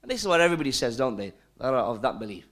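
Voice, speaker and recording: Animated man giving a religious lesson. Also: medium pitch, racing. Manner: storytelling with rhetorical questions and repeated phrases. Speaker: Islamic teacher. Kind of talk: recorded Islamic lesson.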